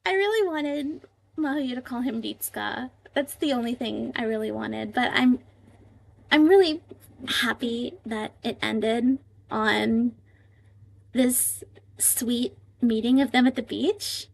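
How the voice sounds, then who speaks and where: A woman on a casual live stream thinks aloud as she translates, filling her talk with fillers and emotional asides. Her voice is on the high side with vocal fry, and she takes it slowly.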